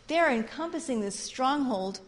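Fervent woman Bible teacher, fairly high voice, long hall reverb. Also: unhurried. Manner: fervent, repetitive, animated. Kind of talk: sermon-style class teaching.

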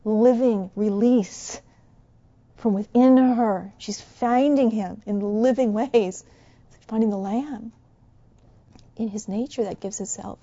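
A woman preaching a sermon, soft and musing at times and fervently exhorting at others. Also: on the high side, slow, long pauses, dull audio.

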